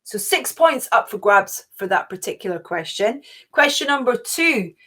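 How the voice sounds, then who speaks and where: A woman's voice: on the high side, lively intonation, moderate pace, sharp tone. A middle-aged woman hosting an online quiz, chatty and cheerful, gushing with little oohs. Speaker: quiz host.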